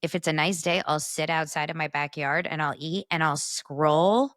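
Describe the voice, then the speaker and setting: A woman co-hosts a casual podcast chat, teasing and laughing easily. Her low voice has a fairly bright tone and fairly even intonation at a moderate pace, in a dry, clean studio recording.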